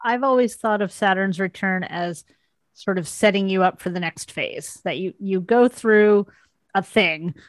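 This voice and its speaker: A woman's voice: mid-range voice, a little slow, no room sound. A woman hosting a casual conversation asks reflective questions and restarts as she thinks aloud. Her voice sounds close and dry, with no room around it. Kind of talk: casual interview chat.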